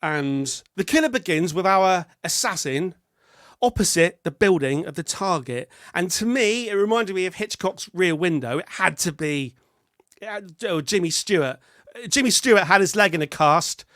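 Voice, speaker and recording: A man co-hosting a podcast, chatting excitedly about a film and laughing as he goes. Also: sits high, moderate pace, dry recording, studio quality. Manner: excitable, animated, laughing while he talks. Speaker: podcast co-host. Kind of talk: casual film review chat.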